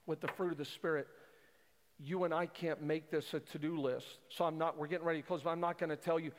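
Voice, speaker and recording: A male pastor preaching a sermon in a large church hall, talking conversationally and acting out his listeners' doubts. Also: a little high. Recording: long hall reverb, faint music.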